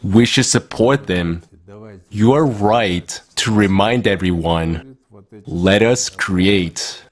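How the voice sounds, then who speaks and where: A man giving a slow, measured formal speech at an online conference. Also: fairly low pitch. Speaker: conference speaker.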